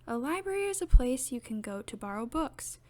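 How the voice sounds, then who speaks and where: A woman's voice: sits high, very animated, a little fast. A woman reading aloud, voicing a jolly, slightly forgetful father pig in a mild, explaining tone.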